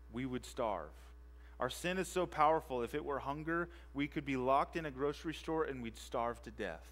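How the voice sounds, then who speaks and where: A man who is a pastor, preaching a sermon with emphatic repetition and rhetorical questions, moving between quiet and loud for emphasis. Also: on the high side. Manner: emphatic, repeats key phrases and asks rhetorical questions. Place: church sanctuary.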